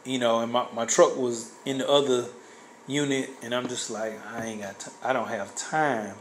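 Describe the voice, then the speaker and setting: A man's voice: mid-range voice, fairly even intonation, moderate pace, slight background noise, poor audio. A man casually telling a personal story, rambling with many fillers and restarts. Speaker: guest sharing a testimony.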